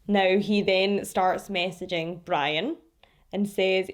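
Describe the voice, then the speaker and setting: A woman narrates a true crime case at a slow, deliberate pace. She breaks off for dry, sarcastic asides and laughs at what she reads out. Her pitch sits in the middle. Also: fairly even intonation. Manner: sarcastic, laughs at the killer's messages. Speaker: true crime podcast host.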